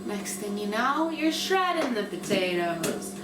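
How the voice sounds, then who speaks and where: A woman's voice: medium pitch, sing-song, measured pace, roomy sound, distant mic, noisy background. A woman hosting her own cooking vlog, chatting casually and unsure of herself as she cooks in a home kitchen. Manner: chatty, unsure, self-deprecating while working. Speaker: cooking vlogger.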